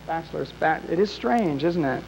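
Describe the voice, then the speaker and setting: A man's voice: a little high, lively intonation, moderate pace, gravelly, a little mellow, a little hiss or hum, rough recording. A man emceeing a live game show in a small bar, teasing and wisecracking with the contestants and the crowd.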